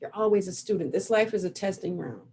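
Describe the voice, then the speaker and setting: A woman's voice: medium pitch, lively intonation, fast, a little mellow, a little hiss or hum. A middle-aged woman coach giving a reflective, motivational talk over a video call. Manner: earnest, reflective, guiding listeners through an exercise. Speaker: relationship coach.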